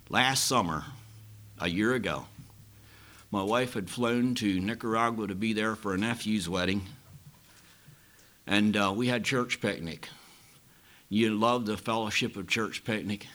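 A man's voice: lowish voice, a bit bright. A middle-aged man preaching, telling a personal story in a plain-spoken, folksy way. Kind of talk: sermon storytelling.

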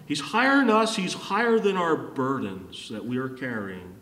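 A pastor preaching a sermon, repeating his key phrases and swinging from emphatic high points down to low, quiet lines. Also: expressive, moderate pace. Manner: repetitive, rising to emphatic peaks and dropping low. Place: church hall. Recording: echoey hall from far off.

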